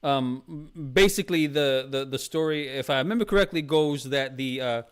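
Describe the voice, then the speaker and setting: A man's voice: mid-range voice, normal speed, clear, resonant tone. A man streaming a casual review chat, rambling with many fillers and restarts, calling viewers "Mama".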